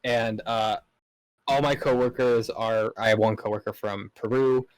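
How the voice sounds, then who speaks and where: A man's voice: fairly low pitch, fairly even intonation, unhurried, no room sound, rough recording. A man guesting on a casual podcast, laid-back and swearing casually.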